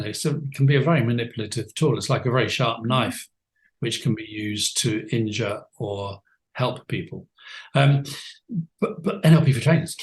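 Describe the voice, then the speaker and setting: An older man in his seventies talks through his past in an interview with a mid-pitched, ordinary voice. He reflects out loud, restarts his sentences often and laughs softly now and then, like a coach thinking things through. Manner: thoughtful, with frequent restarts and soft laughs.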